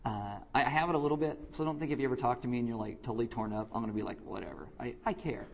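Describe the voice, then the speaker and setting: A young man preaching a casual, joking sermon who restarts his sentences and keeps acting out quick voices to make his point. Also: medium pitch, muffled recording, a little hiss or hum. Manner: joking, self-deprecating, acts out quick voices; halting restarts and repeated words. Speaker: pastor.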